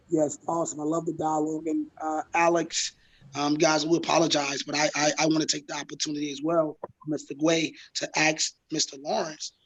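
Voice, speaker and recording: A man, a coach on a panel, asking measured, probing questions. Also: a little high, flat delivery, fairly bright tone, poor audio. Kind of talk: panel discussion.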